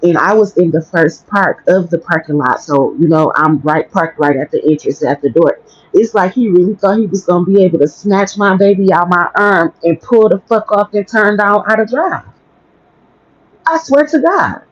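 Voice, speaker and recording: A woman's voice: on the low side, moderate pace, no room sound. A woman tells a story on her livestream in a blunt, profane way. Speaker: livestream host. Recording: dry, dull lo-fi stream audio.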